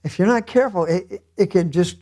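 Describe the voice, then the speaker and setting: A man preaching a sermon as pastor in a church, telling the story in an animated way and chuckling often. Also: high voice, quick pace.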